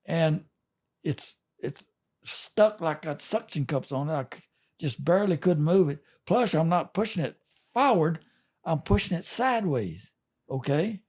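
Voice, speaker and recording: A man's voice: on the high side, expressive, a little mellow, breathy edge. An older man, a fishing captain telling a folksy story in a casual interview. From Texas. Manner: folksy, drawn-out yarn spinning with chuckles.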